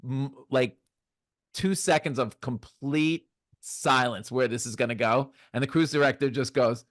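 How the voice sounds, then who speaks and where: New York comedian telling stories. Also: male voice, mid-range voice, measured pace, fairly bright tone, no echo, studio quality. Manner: recounts stories, quoting people. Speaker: guest comedian. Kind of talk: casual chat.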